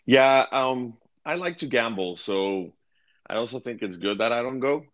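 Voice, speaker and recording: A man's voice: medium pitch, lively intonation, normal speed, a bit bright, no room sound, dull audio. A man co-hosting a podcast in casual chat, easygoing and hesitant with ums. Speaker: podcast co-host.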